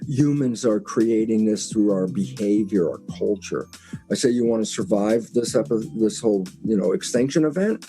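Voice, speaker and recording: Mellow-voiced man explaining with animated retellings. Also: on the low side, moderate pace, soft background music. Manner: animated, reenacts his own dialogues; chuckles often, repeats phrases for emphasis. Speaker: interview guest. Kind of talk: conversational explanation.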